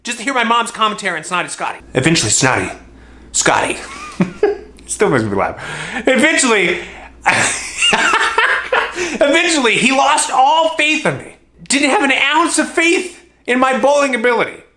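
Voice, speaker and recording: Young guy telling a funny story, super expressive pitch, bright tone, keeps cracking up. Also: moderate pace, pauses often. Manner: animated, exaggerated, laughing at his own jokes. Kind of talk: comedic storytelling vlog.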